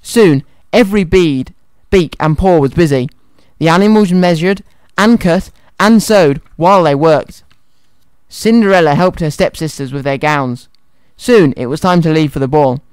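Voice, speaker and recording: A man's voice: a little high, unhurried, a little mellow, smooth, no echo. A man presenting a children's radio show and reading a story aloud in a cheerful, friendly way, in a studio. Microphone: studio microphone.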